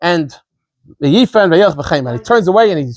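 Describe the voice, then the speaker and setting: A man, a rabbi, giving an informal Torah lesson, explaining quickly and animatedly, often stumbling and repeating words as he goes. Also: on the high side, lively intonation, no echo. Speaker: rabbi teaching a daily scripture class.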